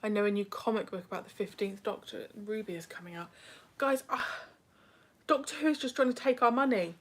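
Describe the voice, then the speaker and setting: A woman's voice: mid-range voice, fairly quick. Young female livestream host, chatty and self-mocking, casual home webcam sound. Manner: chatty, self-deprecating, drifts into whispers. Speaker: livestream host reading chat. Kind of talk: casual live chat.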